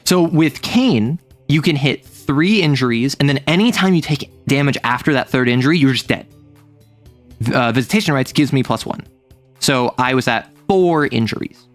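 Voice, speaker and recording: A man streaming a casual chat, telling a rambling, animated story and laughing often. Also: medium pitch, moderate pace, faint music behind.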